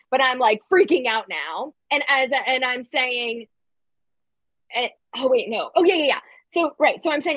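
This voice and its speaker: A woman tells a story in a casual chat, lively and animated, slipping in "like" again and again and acting out what people said. Her voice sits a little high. The sound is dry and close, with no room around it. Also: normal speed, no echo. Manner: animated, acts out quotes, frequent "like" fillers. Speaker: guest storyteller.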